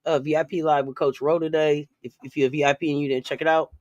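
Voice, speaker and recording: A man's voice: fairly high pitch, level tone, fast talker, dry recording, lo-fi sound. A man hosting a casual sports talk stream, playful and repetitive, laughing often. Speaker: podcast host.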